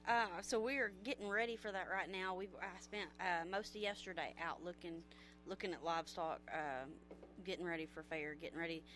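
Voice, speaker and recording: A woman's voice: on the low side, fairly even intonation, fairly quick, fairly bright tone, soft background music. A woman guest on a radio talk show, chatting and giving practical tips. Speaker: agriculture extension guest.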